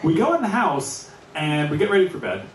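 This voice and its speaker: A man's voice: fairly high pitch, huge pitch swings, a little fast. A middle-aged man doing stand-up, telling a story in a wry, conversational way with frequent chuckles. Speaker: stand-up comedian. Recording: echoey, distant mic with noise.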